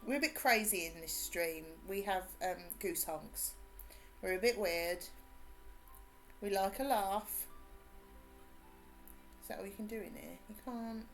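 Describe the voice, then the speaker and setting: An English woman with a mixed Suffolk, Cockney and Brummie accent, chatting casually with viewers as she streams a game, bubbly and quick to laugh. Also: medium pitch, faint music behind. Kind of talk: casual live-stream chat.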